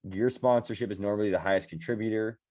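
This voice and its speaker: Deep-voiced man hosting a podcast. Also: steady tone, fast talker, darkish tone. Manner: teasing, joking, laughs often. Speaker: podcast host. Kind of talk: casual chat.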